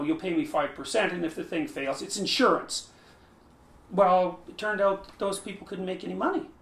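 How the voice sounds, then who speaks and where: A man lecturing who often restarts his phrases, thinks aloud and stresses key words. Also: high-pitched. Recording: roomy echo.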